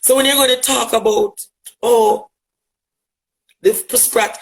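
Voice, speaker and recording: An extremely high-pitched, somewhat bright male voice, a little slow, carries a Jamaican accent. The speaker is a Jamaican LGBTQ advocate firing off a rhetorical monologue at a critic, using repetition for emphasis, captured on poor audio.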